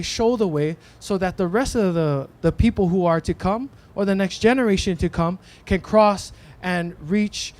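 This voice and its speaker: A man's voice: sits high, a little mellow. A man, preaching a casual sermon in a church, thinking aloud with restarts and a frequent "right?". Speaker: pastor. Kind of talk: conversational sermon. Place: church in Hawaii.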